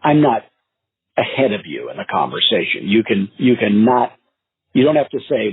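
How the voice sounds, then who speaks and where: A man who coaches real estate sales, telling stories and advice in a podcast interview, acting out calls in an animated way. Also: mid-range voice, a little slow, pauses often, breathy edge, dry recording. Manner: animated storyteller, acts out phone calls. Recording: tinny phone-line sound.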